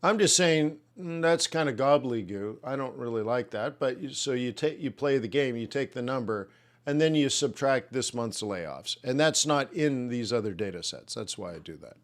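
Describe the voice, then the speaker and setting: A man's voice: medium pitch, expressive, normal speed. A man hosting a live trading webinar, loosely musing on jobs data and answering viewers' questions in a joking way. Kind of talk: live market commentary to chat.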